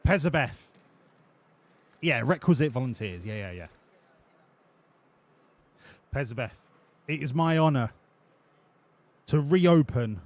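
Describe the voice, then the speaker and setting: A man streaming a racing game live. He talks to his chat with excitable, profane banter. His voice sits at an ordinary middle pitch. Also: a little slow, long pauses.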